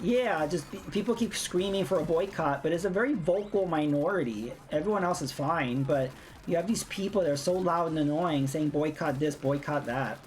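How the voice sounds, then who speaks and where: A woman's voice: sits low, a little mellow, a little hiss or hum. A woman streamer ranting bluntly in casual chat while playing a game, swearing freely. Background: faint game music.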